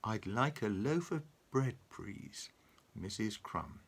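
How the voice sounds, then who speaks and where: A man voicing a loud, clumsy man who booms and shouts every request in a storybook. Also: big pitch swings, slow, breathy edge, exaggerated voice. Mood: quiet, polite. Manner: booming, shouting.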